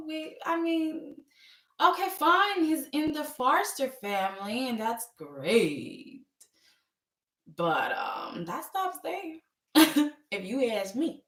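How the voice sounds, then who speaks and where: A woman's voice: high-pitched, reverberant, distant mic. A woman chatting casually as she recaps a soap opera, acting out the characters' lines with lots of laughs. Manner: animated, acts out characters' lines, frequent laughs.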